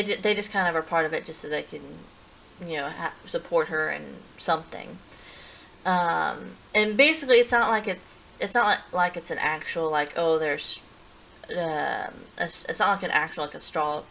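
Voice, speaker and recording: Low-voiced woman rambling through a recap. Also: moderate pace, creaky, a bit bright, slight background noise, poor audio. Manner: rambling, many restarts and fillers. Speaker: reviewer. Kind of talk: casual plot recap.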